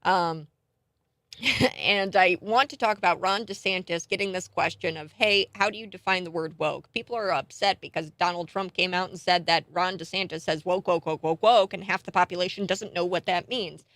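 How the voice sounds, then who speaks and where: A woman's voice: fairly low pitch, moderate pace, no echo. Heated woman talk radio host. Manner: animated, indignant, laughs scornfully.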